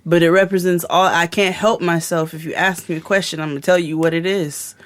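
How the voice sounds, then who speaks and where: A man's voice: on the high side, fairly even intonation, fairly quick, fairly bright tone. A man co-hosting a podcast in casual chat, laid-back and teasing. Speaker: podcast co-host.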